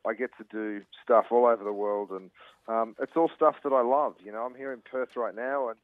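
A man's voice: mid-range voice, steady tone, fairly quick, no echo. An Australian man talking as a guest chef, enthusiastic with lots of ums and uhs. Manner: enthusiastic, many fillers. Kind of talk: casual radio interview. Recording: phone line.

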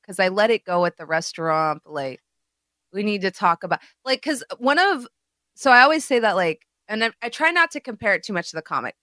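Bright-voiced woman telling candid stories. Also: a little high, dry recording, studio quality. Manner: candid, profane, animated storytelling. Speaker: podcast co-host. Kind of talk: casual chat.

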